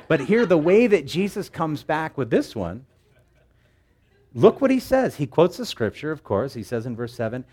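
A man preaching a sermon in an animated, joking way, acting out the voices he quotes. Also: fairly high pitch, normal speed, husky. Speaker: pastor.

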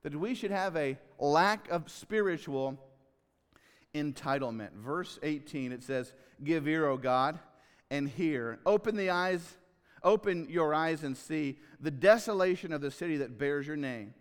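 Man preaching, fairly high voice, earnest, big swells and quiet drops, long hall echo. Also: measured pace, clear, resonant tone. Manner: earnest, swells loud on key phrases and drops low. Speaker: pastor. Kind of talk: sermon.

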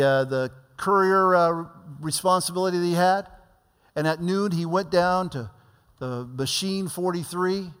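A man's voice: on the high side, a bit bright. A man preaching a sermon, telling stories and acting out the people in them, his voice rising and dropping for emphasis. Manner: storytelling preacher, voice swells and drops for emphasis. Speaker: pastor. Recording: long hall reverb.

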